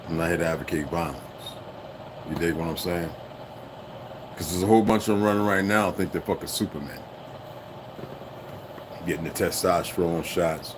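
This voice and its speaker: A man's voice: low-pitched, background noise. A man hosting a livestream, ranting bluntly and with heavy profanity to his viewers. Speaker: livestream host. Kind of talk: unscripted livestream rant.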